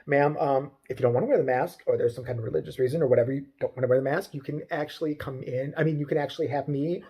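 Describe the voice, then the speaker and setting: A man voicing a calm, weary male store manager who talks in a measured, placating way. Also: mid-range voice, husky.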